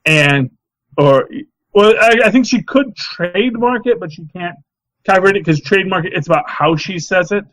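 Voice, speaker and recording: A middle-aged man co-hosting a podcast, talking in a rambling, animated casual chat full of restarts. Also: high voice, moderate pace, no room sound, poor audio. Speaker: podcast co-host.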